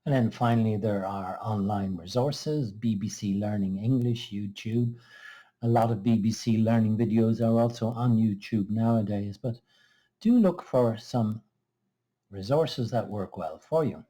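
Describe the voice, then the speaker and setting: A man teaching English pronunciation, explaining exercises in a slow, careful, measured way. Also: fairly low pitch, dark tone. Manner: slow, careful, measured delivery with small restarts. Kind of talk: scripted lesson explanation.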